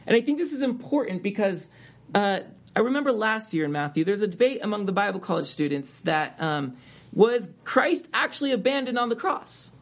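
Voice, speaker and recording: A man's voice: high voice, very animated, normal speed. A man preaching a sermon as a pastor, reading scripture aloud and rising in emphasis on key words.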